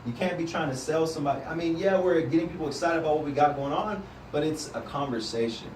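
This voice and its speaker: A man training a sales team in a live talk to a group, energetic and coaching, often checking in with the listeners. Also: a little high, fast talker, a little hiss or hum. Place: indoor room with a group. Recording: roomy sound from a distance, faint background.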